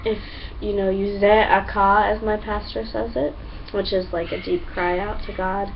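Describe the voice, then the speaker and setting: A young woman talking to camera in a casual, excitable, chatty way, full of fillers and acted-out quotes. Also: mid-range voice, moderate pace, creaky, distant mic. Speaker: vlogger. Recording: dull lo-fi sound, a bit off-mic, faint hum.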